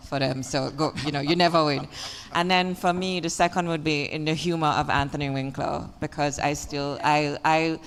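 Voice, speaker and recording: Quick Jamaican woman in a reverberant hall. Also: low voice, slight background noise. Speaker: panelist. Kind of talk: panel discussion answer.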